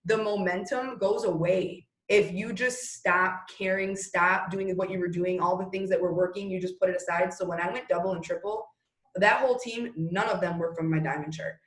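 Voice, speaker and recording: Low-voiced woman in a roomy room. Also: fairly even intonation, moderate pace. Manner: rambling, restarts sentences, addresses listeners directly. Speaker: network marketing leader guest. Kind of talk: motivational business talk. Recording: roomy echo.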